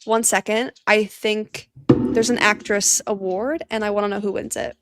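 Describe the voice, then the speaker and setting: A woman hosting a casual live-stream watch party, chatting excitably and laughing often, teary and sniffly. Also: medium pitch, moderate pace, slight background noise.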